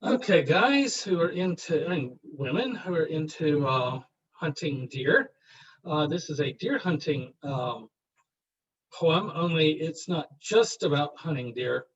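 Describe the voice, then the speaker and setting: A university lecturer talks his class through a poem, slow and wry, pausing to read lines aloud. His voice sits a little high for a man and has a husky edge. The classroom recording sounds dull and lo-fi. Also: lively intonation. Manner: rambling and wry, reads verse aloud slowly.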